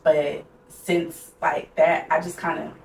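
Low-voiced and slow, with little movement in pitch, this young adult podcast co-host tells a personal story in a frank, chatty way packed with "like". The mic is distant, the room echoes, and there's faint noise.

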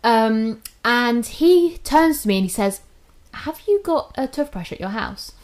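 A woman's voice: fairly high pitch, a little slow. A young woman, casually telling a story on a podcast, swearing often and acting out what people said. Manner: animated, swears often, acts out quotes.

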